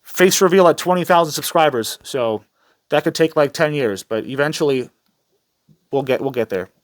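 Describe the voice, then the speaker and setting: A man's voice: fairly high pitch, moderate pace. Profane, heated male vlogger. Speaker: commentary channel host. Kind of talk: ranting news commentary vlog.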